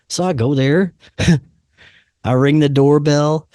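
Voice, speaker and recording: A man's voice: on the high side, slow, mellow, clear, resonant tone, no echo, studio quality. A man from Louisiana, hosting a podcast and telling a story in a laid-back, casual way, often saying "man" and "dude". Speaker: podcast host.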